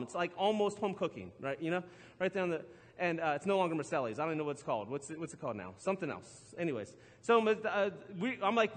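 A middle-aged man preaches from the stage. His voice sits high, and the church hall rings with long reverb. He talks loosely and laughs at himself, often stumbling and starting sentences over. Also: very animated, fast talker. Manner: chatty, self-deprecating, laughs often, restarts a lot. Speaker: pastor. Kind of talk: sermon with storytelling. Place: church auditorium.

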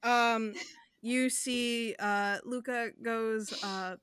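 A woman's voice: fairly high pitch, fairly even intonation, drawn-out words, a bit bright, clean tone, dry recording. Woman game master narrating, dry sound. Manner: describes scenes at length, with fillers.

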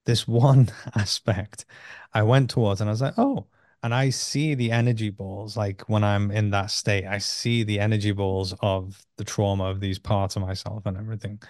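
A man talking casually as a podcast guest, telling a personal story and acting out his inner dialogue with sudden jumps in pitch and blunt swearing. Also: darkish tone, no room sound, studio quality.

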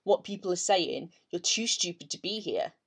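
A young woman with a fairly low voice talks bluntly in a casual podcast chat. She swears freely and drops in slangy turns of phrase. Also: lively intonation, moderate pace, husky. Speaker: podcast co-host.

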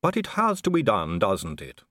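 A man's voice: fairly low pitch, wildly swooping pitch, normal speed, a bit bright, no room sound. A man playing a poised middle-aged vampire lady of the manor. She is unfailingly polite, gracious and a little teasing. Her speech lilts up and down, close and dry.

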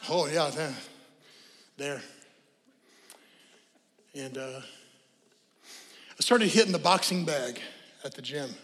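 A middle-aged male pastor preaching with animated energy, swinging between shouted exhortation and joking asides. His voice is fairly high for a man. It carries through a large church with a long, trailing reverb. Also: slow pace, pauses often. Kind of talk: sermon. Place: church sanctuary.

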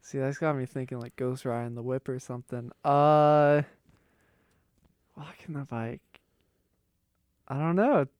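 A man's voice: medium pitch, steady tone, measured pace, long pauses, smooth, no echo, lo-fi sound. A young man from Pittsburgh with a Pittsburgh accent, co-hosting a casual chat in an easygoing way and laughing often. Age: young adult. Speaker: co-host.

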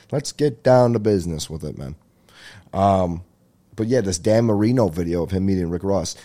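A man hosting his own comedy podcast, talking alone in a rambling, profane way, laughing at his own jokes and jumping into loud, high-pitched rants. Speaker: stand-up comedian and podcast host. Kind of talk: solo comedy podcast monologue.

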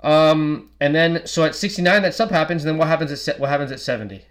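A man's voice: fairly high pitch, quick pace. A man co-hosting a football podcast, breaking down match plays step by step in casual talk, with frequent restarts. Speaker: podcast co-host.

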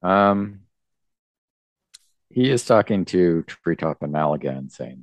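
A man co-hosting a comics podcast, recapping the story casually in a rambling, hesitant way. His voice is deep and his pace unhurried. The sound is dry and close. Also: expressive, dry recording. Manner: rambling, hesitant, with fillers and restarts. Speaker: podcast co-host.

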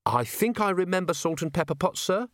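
A man's voice: high-pitched, animated, brisk, no room sound, clean studio sound, pitched above the performer's own voice. A man voicing an earnest, helpful young male watch officer with a dutiful, eager politeness.

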